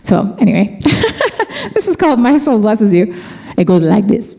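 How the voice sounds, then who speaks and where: A woman's voice: fairly high pitch, huge pitch swings, a little slow, vocal fry, mellow. Chatty middle-aged woman worship leader. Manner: chatty, heartfelt, laughs easily. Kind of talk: casual storytelling between songs at a church concert. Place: church event space.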